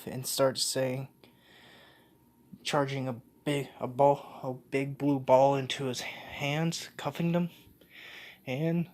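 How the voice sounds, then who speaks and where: A man casually retelling a fan-made story off the cuff, full of restarts and self-corrections. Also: medium pitch. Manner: casual, slangy.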